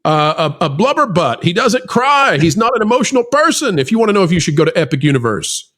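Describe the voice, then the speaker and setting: A man hosting a theme park news chat, with a voice that sits a little high and swings up and down a lot. He pitches every point with hype and tosses in joking asides. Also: quick pace. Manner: animated, salesy, joking asides. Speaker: host.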